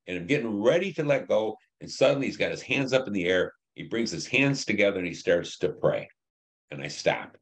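Older man, deep voice, blunt and profane, telling war stories in an interview. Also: lively intonation, a little fast. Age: 70s. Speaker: Vietnam veteran interviewee. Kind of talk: recounting war memories.

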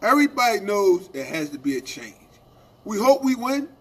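A man co-hosting a union radio show, telling animated stories in casual talk and asking "right?" after his points. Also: sits high, normal speed, husky. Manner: animated storytelling, acting out quoted exchanges, repeated "right?".

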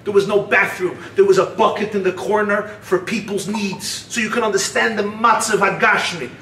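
A man, a rabbi, giving a keynote lecture that mixes teaching with storytelling, swinging between shouted emphasis and hushed low asides. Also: steady tone, normal speed. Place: large hall at a weekend retreat. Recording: echoey hall, far-off mic, faint hiss.

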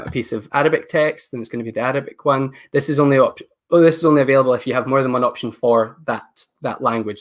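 A man leading a live online training session, talking casually and thinking aloud as he clicks through settings on a computer mic. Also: mid-range voice. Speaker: education technology presenter.

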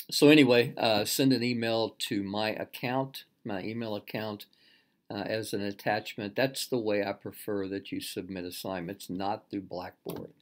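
A middle-aged man, a course instructor and program director, walking students through an online course with many fillers, restarts and self-deprecating asides. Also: fairly low pitch. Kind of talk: casual recorded course walkthrough.

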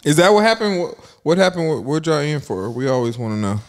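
A man with a fairly high voice co-hosts a relaxed podcast, pressing the guest with nosy, playful questions. His pitch moves a lot from line to line. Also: fast talker. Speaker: podcast co-host. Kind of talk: casual chat.

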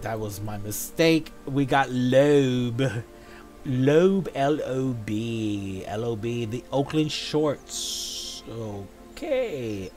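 Guy hosting a chill show, playful and chatty, talks slow, soft music behind. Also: medium pitch. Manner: chatty, playful, drops into quick asides. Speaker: show host. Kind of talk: casual chat reviewing event items.

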